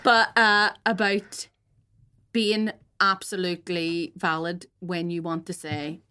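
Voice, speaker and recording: An Irish woman co-hosting a comedy podcast, playful and expressive, swearing freely in casual banter. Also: lowish voice, slow pace, smooth. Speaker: podcast co-host.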